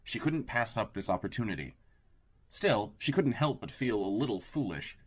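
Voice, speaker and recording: A man narrating an audiobook in a steady, even storytelling manner. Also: lowish voice, moderate pace, slightly rough.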